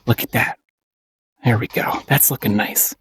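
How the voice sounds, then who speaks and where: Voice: mid-range voice, fairly even intonation, unhurried, fairly bright tone, a little hiss or hum. A painting instructor giving a casual paint-along tutorial, playful and encouraging, often giggling and repeating short phrases.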